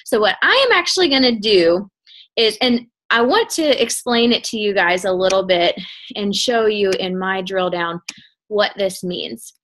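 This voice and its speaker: A woman coach leading a video call, chatty and energetic, rambling with fillers. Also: mid-range voice, unhurried, slight background noise. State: out of breath. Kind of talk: casual call chat. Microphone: computer mic on a video call.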